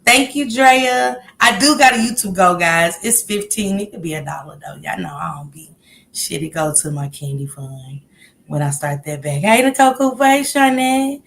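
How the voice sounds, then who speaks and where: A woman's voice: medium pitch, lively intonation, normal speed, vocal fry, a bit bright, a little hiss or hum. A woman hosting a casual livestream, a little out of breath as she chats and greets viewers one by one with upbeat calls. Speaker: livestream host.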